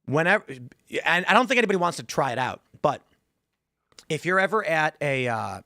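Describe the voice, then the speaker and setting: Fast-rambling man telling stories in a dry studio. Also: fairly high pitch, sing-song, bright, forceful tone, no echo. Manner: rambling storyteller, acts out quoted voices. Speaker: show host. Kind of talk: casual studio chat.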